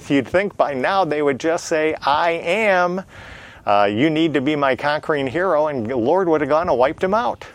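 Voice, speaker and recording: A man's voice: fairly high pitch, no echo. A man teaching a Bible lesson in sermon style, asking rhetorical questions and answering them himself with emphatic repetition, with frequent filler sounds. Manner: frequent "uh" fillers, plain conversational delivery.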